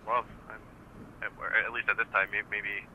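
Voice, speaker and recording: A man's voice: fairly low pitch, flat delivery, moderate pace, phone-quality sound, slight background noise. A man calling in to a podcast, thinking aloud in a hesitant, stammering way. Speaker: caller. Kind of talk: casual phone-in chat.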